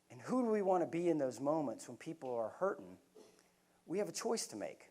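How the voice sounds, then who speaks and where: A middle-aged man speaks from a conference stage in a fairly high voice. He tells stories in an earnest, folksy way and talks to the crowd like neighbors. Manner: storytelling, earnest and folksy, addresses crowd as y'all. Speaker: keynote speaker. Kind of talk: motivational speech. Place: conference hall.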